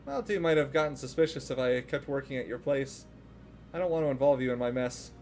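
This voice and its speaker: A man voicing a young male hacker in a video game, calmly reading resigned, apologetic lines. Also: mid-range voice, fast talker, a little hiss or hum, close to an everyday voice.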